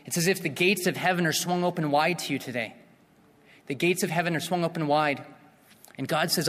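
A man's voice: a little high, a little fast, a bit bright. An earnest man preaches with a slightly raised voice, often restarting and repeating his phrases. He swells into impassioned calls to the listeners. His voice rings with the long reverb of a hall. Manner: earnest, builds to impassioned appeals. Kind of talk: evangelistic sermon.

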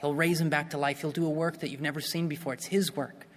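A man's voice: on the high side, level tone, quick pace. An earnest man preaches with a slightly raised voice, often restarting and repeating his phrases. He swells into impassioned calls to the listeners. His voice rings with the long reverb of a hall. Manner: earnest, builds to impassioned appeals. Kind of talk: evangelistic sermon.

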